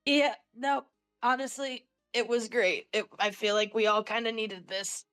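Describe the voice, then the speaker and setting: A woman playing a tabletop game, chatting in an excitable, gushing way. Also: a little high, measured pace, clean tone, faint music behind. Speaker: player. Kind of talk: casual chat.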